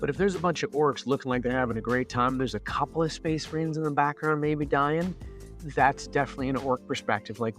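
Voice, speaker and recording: A man co-hosts a relaxed hobby podcast, gushing with enthusiasm and laughing easily. His voice sits at an ordinary middle pitch, with faint music underneath. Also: fairly quick. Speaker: podcast co-host. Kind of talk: casual hobby chat.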